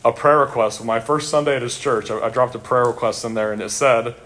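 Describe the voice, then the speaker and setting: A middle-aged male pastor preaching a sermon, earnest and emphatic, rising to exclamations and dropping low for quiet reflective asides. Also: a little fast.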